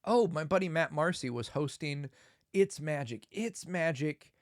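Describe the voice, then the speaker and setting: A man's voice: fairly high pitch, animated, a little slow, no room sound, studio quality. A man in his thirties hosting a solo comedy podcast, telling a silly bit and cracking himself up with laughter. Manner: giggly, breaks into laughter while telling a bit. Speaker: podcast host.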